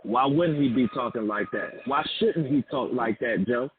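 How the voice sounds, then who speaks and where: A man's voice: medium pitch, normal speed, over music. A man calling in to a sports talk show, fired up and emphatic, repeating lines for effect. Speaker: caller. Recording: phone line with crowd behind.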